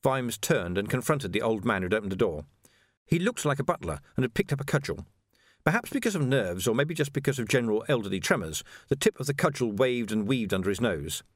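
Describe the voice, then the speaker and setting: A man narrating a novel in an expressive, animated storytelling way. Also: mid-range voice, a little fast, no room sound, clean studio sound. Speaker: audiobook narrator. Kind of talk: scripted narration.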